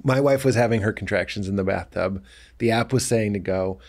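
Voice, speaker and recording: A man's voice: lowish voice, a little fast. A man, a guest comedian, chatting and riffing with playful bits on a comedy podcast. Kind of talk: casual comedy podcast chat.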